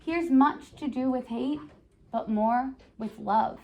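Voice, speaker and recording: A self-pitying lovesick young man who sighs through every line, as a woman puts him on. He drags his words out slowly and mopes. The voice sits a bit high. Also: dark tone. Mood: moping. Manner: sighing, slow, self-pitying.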